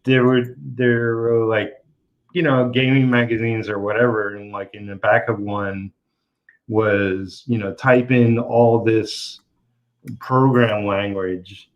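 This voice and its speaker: A man's voice: on the low side, flat delivery, takes it slowly. A man, a comic artist hosting his channel, chats casually while he works, telling stories at an easy pace with plenty of fillers and laughs. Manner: laid-back storytelling with frequent laughs and fillers. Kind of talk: casual chat while working. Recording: muffled lo-fi call audio.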